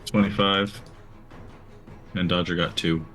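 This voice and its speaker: A man with a very low voice chatting casually as a player at a tabletop game. He thinks aloud as he works through the rules. Soft music sits in the background. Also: flat delivery, slow.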